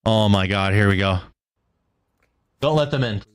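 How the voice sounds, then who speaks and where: A man's voice: fairly low pitch, unhurried. A man hosting a live stream, giving a profane, sarcastic, exasperated commentary rant. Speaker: streamer host.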